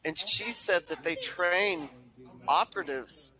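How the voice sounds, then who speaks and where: A man's voice: sits high, lively intonation, slow pace, pushed and bright, poor audio. A man chatting casually on a livestream, telling long stories and swearing now and then. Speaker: livestream co-host.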